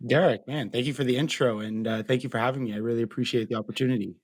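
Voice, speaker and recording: A man's voice: mid-range voice, steady tone, very fast, no room sound. A young man with a Canadian accent, earnestly telling his personal story as an interview guest, talking freely with many fillers. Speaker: guest, mental health advocate.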